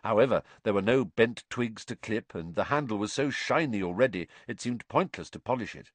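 A middle-aged man with a lowish voice reads an audiobook in a measured, expressive style. His intonation rises and falls widely, and the recording is dry and close. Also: dry recording. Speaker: narrator. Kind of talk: audiobook narration.

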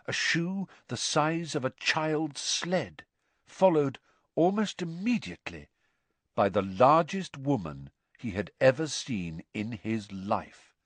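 A man narrating a storybook audiobook in an expressive, suspense-building way. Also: mid-range voice, dry recording. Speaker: audiobook reader.

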